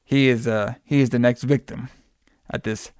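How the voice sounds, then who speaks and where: A man's voice: medium pitch, fairly even intonation, normal speed, a little mellow, clean tone, no echo, studio quality. A man casually recapping a film plot for a podcast, rambling with fillers and playful asides. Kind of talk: casual movie recap chat.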